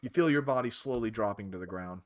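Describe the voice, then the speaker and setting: A man streaming a visual novel reads its narration aloud with expressive delivery. His voice is lowish and his pace quick.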